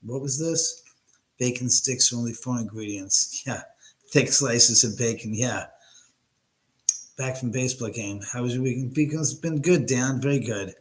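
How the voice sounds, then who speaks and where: A man's voice: medium pitch, a little slow, rough recording. Chatty man hosting a home livestream. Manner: chatty, reads and answers chat comments aloud. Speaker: livestream host. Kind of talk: casual live chat with viewers. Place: at home, his own house.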